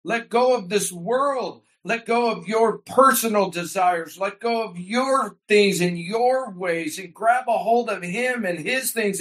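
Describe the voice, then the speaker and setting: A man with a high-pitched voice delivers a sermon to his congregation. He preaches with rising fervor and piles up emphatic repetitions. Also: a bit bright. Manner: uses Hebrew terms for his congregation. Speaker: pastor.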